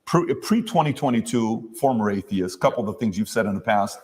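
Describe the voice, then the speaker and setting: A man's voice: on the low side, expressive, brisk, darkish tone, long reverb tail. A man hosting a podcast, telling stories loosely with many fillers and acted-out dialogue. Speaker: podcast host. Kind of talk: conversational interview.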